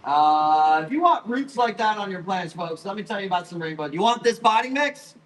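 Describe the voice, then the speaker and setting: A man hosting a live plant auction, rambling, apologizing and swearing as he hurries through his sales pitch. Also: expressive, a little fast, slight background noise, poor audio. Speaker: live-stream plant seller. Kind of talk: live auction selling chat.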